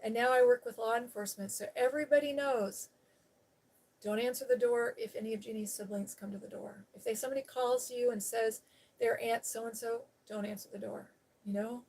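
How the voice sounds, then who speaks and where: A woman's voice: on the high side, fairly even intonation, fairly quick, a little mellow. A woman hosting a live stream, telling a personal story in a frank, rambling casual chat full of "you know" and the odd laugh. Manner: laughs while talking.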